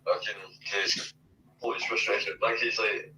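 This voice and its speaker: A low-voiced man mumbles through a casual call and swears as he goes. He sounds distant, with a little hiss behind him. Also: flat delivery, normal speed, bright, forceful tone. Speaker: friend on a call. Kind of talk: casual chat.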